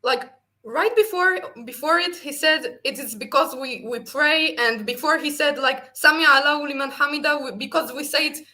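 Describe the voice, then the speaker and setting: A woman's voice: sits high, moderate pace, hardly any pauses, pushed and bright. A woman co-hosting a debate chat, explaining carefully and searching for words.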